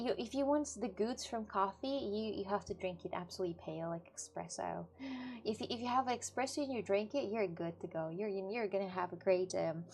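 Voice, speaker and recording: A woman's voice: medium pitch, creaky, a little mellow. A woman streamer chatting casually with her live chat, laughing often and restarting her sentences. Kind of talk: casual IRL livestream chat.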